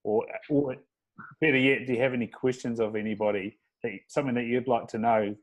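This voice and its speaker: A man hosts a podcast in a flat, even voice of middling pitch. His talk is warm and hesitant, and he often repeats his opening words. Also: fairly quick, rough recording. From outside Australia. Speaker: podcast host. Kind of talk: casual chat.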